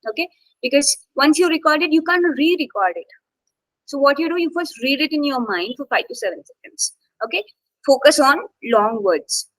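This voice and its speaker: A woman's voice: high voice, expressive, moderate pace, fairly bright tone, no room sound, low-quality recording. A woman instructor teaching a live online exam-prep class, checking in often with "okay" and "got it" and stressing key words as she explains.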